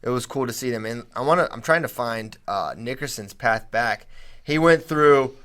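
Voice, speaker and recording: A man co-hosting a casual sports podcast, talking in quick bursts and getting emphatic when he makes a point. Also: mid-range voice, smooth. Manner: animated, rising emphatically when making a point. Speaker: podcast co-host.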